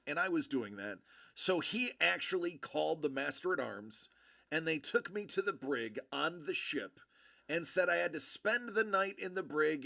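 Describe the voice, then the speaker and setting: A man in his thirties telling a story in casual chat, acting out the people in it with animated voices. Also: a little high, vocal fry, no room sound, clean studio sound. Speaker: show host telling a story.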